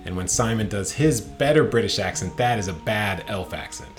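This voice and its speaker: A man's voice: on the low side, lively intonation, moderate pace, faint music behind, close to an everyday voice. A man voicing a young male elf in a mock-British accent, leisurely and self-satisfied.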